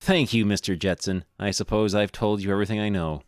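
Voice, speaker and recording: A man's voice: lowish voice, fairly even intonation, fairly quick, no room sound, studio quality, lightly acted. A man voicing a friendly, worried male alien resort host in a video game. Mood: fretting. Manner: worried, polite, flustered.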